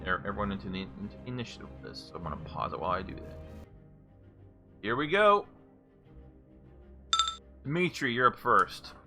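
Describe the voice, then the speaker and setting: A man's voice: low voice, bright, forceful tone. A man acting as game master, reading out scene descriptions and correcting himself as he goes. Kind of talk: narrating a tabletop game.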